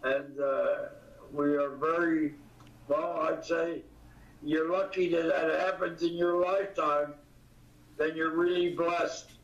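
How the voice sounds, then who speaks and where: An older man, a comedian guest in an interview, talking in a halting way with many pauses and fillers, recorded from a distance. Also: fairly high pitch, level tone. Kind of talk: casual interview. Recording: distant, echoey, dull audio.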